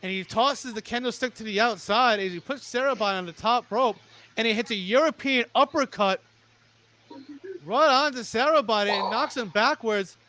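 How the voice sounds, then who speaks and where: A young man calls a wrestling match play by play, tripping over his words and restarting as he rushes ahead. His voice sits high for a man and rings bright and sharp. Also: slight background noise. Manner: rapid, stumbling restarts, plugs sponsors. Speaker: play-by-play commentator. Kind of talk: excited wrestling commentary.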